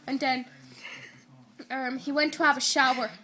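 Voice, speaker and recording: Bright high-voiced Irish woman rambling. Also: level tone, measured pace, slight background noise. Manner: rambling, strings events with "and then" and "like", giggly. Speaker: person retelling a TV episode to camera. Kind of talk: casual retelling. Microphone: handheld camera recording.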